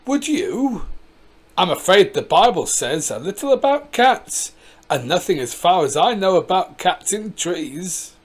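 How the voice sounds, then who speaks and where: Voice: medium pitch, very animated, measured pace, breathy edge. A storybook reader voicing a polite, mild village vicar.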